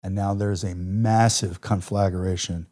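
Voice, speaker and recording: A man in his forties recounts war stories as a podcast guest in a low, mellow voice. He is vivid and reflective, dropping casual fillers as he goes. His tone stays unhurried and thoughtful. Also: steady tone. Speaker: military veteran guest. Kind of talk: podcast interview storytelling.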